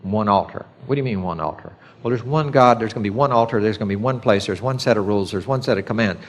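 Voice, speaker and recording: A man's voice: fairly low pitch, fast. Conversational male Bible teacher. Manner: conversational, acts out God's voice in quotes. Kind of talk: sermon teaching.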